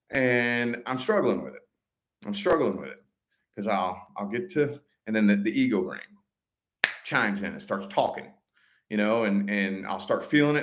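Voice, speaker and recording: Swearing, animated male vlogger. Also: medium pitch, normal speed. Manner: swears freely, animated when quoting others. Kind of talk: casual storytelling to viewers.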